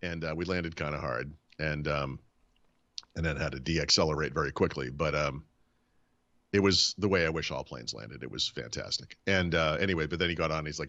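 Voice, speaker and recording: A man's voice: extremely low pitch, brisk, dull audio. A man hosting a podcast, casually telling a story and acting out the people in it. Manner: animated storyteller, acts out quoted dialogue. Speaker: podcast host.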